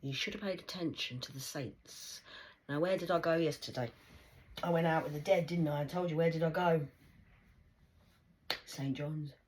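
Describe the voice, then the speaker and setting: A woman delivering a rambling, profane monologue as a medium channelling spirit messages, swinging between loud outbursts and hushed whispers. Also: low-pitched, normal speed, pauses often, slight background noise. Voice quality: very husky, breathy voice.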